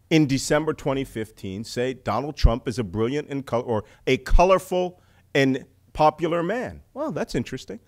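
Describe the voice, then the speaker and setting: Middle-aged man, public talk, lively swinging pitch, rhetorical questions, quick jokes. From United States. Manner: animated, rhetorical questions, laughs at own jokes. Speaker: speaker on intelligence.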